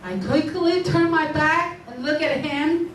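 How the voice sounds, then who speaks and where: A woman's voice: high voice, animated, slight background noise. Woman teaching in an echoey classroom. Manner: explains slowly, checks understanding with repeated questions. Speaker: English teacher. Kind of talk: classroom lesson. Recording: echoey room, voice from far off.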